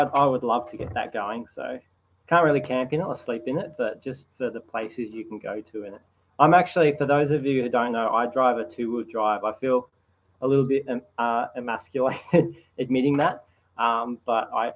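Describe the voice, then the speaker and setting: A relaxed Australian man in his thirties chats easily with viewers, answering questions at a mid pitch. He sits outdoors by a campfire, with a faint hum of outdoor ambience behind his voice. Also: low-quality recording. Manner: relaxed, chatty, reads viewer comments aloud. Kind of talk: casual livestream chat.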